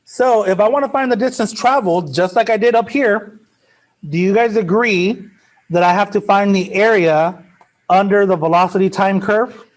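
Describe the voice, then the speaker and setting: A man's voice: high-pitched, normal speed. A male math teacher giving a classroom lecture in a casual, joking way, drifting into chatty asides.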